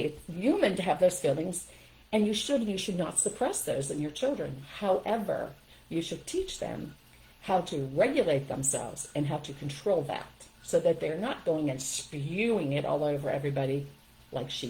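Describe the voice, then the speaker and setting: A woman's voice: low voice, animated, moderate pace, dark tone, low-quality recording. An older woman giving firm, emphatic parenting advice straight to her viewers in a casual livestream talk.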